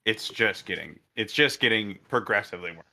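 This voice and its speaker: A man's voice: on the low side, brisk, creaky, bright, forceful tone. A man co-hosting a podcast, talking casually and thoughtfully, asking questions. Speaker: podcast co-host. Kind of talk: casual recap chat.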